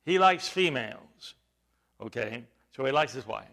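A man preaching a sermon, halting with fillers at times and then rising to loud, stressed points. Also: medium pitch, animated, vocal fry.

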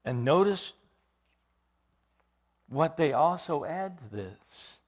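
A male preacher giving a sermon, emphatic, building up to loud stressed phrases and dropping to quiet asides. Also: a little high, expressive, slow pace, pauses often.

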